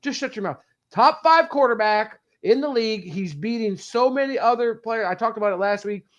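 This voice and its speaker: A man co-hosting a sports podcast, talking fast and heatedly as a fan in casual chat. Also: high voice, highs cut off. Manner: animated, ranting fan, quick bursts. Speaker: podcast co-host.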